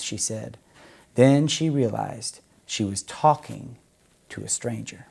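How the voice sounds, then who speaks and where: A man reading a children's story aloud in a gentle, expressive storytelling way. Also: mid-range voice, slow pace, creaky, breathy edge.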